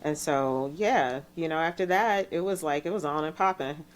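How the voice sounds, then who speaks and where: A middle-aged woman from Chicago, a DJ guest telling her story in a soft-spoken, reflective way with frequent laughs. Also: sits low, normal speed, slight background noise. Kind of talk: relaxed storytelling interview.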